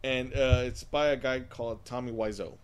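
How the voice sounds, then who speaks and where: A man co-hosts a casual chat show in a medium-pitched, clean voice with fairly even intonation and a moderate pace. He rambles, restarts often, repeats words and laughs frequently.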